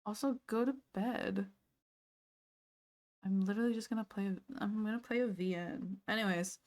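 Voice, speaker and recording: A woman livestreaming from home, chatting casually and playfully with her viewers, easily sidetracked and quick to laugh. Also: medium pitch, a little mellow. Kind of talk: casual chat with live viewers.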